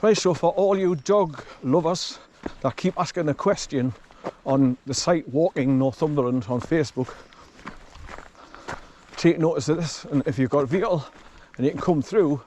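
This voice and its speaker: A man's voice: on the high side, normal speed, darkish tone, slight background noise. A man chatting casually while walking his dog along a forest track, rambling and chuckling often, recorded on a camera he carries. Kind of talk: casual walking vlog commentary.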